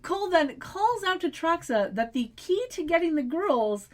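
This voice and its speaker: A woman's voice: extremely high pitch, normal speed. A woman co-hosting a podcast, chatting casually while recapping a TV episode, with lots of "like" fillers. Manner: animated, frequent "like" fillers. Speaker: podcast co-host.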